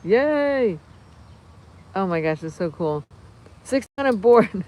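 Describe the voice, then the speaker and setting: A woman in her fifties hosting a casual livestream, reading viewer comments in a rambling, excitable way with many fillers and restarts. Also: mid-range voice, slow, dull audio. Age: 50s. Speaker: livestream host.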